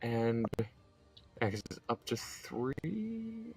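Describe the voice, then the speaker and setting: Lively relaxed man as dungeon master. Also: mid-range voice, drawn-out words, breathy edge. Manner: explains rules and calls turns in a relaxed, conversational way. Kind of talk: running a tabletop game.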